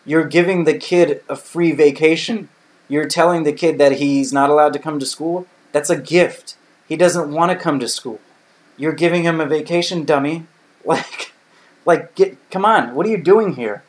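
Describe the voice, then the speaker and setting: Blunt, indignant American man ranting. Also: fairly high pitch. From United States. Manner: indignant, blunt, swears freely, repeats himself. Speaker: live stream host. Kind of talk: casual live-stream rant. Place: home in Taiwan.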